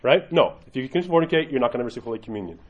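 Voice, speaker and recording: A man's voice: mid-range voice, lively intonation, rapid-fire, highs cut off. A man who is an Orthodox priest, teaching in a loose conversational way and often checking in with "right?". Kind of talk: informal teaching talk.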